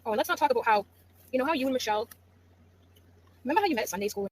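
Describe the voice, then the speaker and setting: A woman's voice: fairly high pitch, lively intonation, rapid-fire, no room sound. A woman making mocking accusations in a piece of online commentary.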